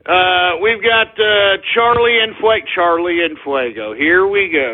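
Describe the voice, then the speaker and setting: A man hosting an internet radio talk show, ranting and cursing at trolls and breaking into shouts. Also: high-pitched, measured pace. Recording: tinny phone-like lo-fi audio.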